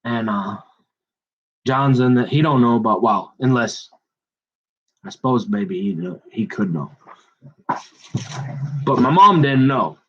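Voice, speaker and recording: A man's voice: medium pitch, expressive, slow, pauses often, husky, lo-fi sound. A middle-aged man preaching, telling a digressive personal story in a chatty, joking way. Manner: digressive, chatty, self-mocking. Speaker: pastor. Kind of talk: sermon with rambling personal story.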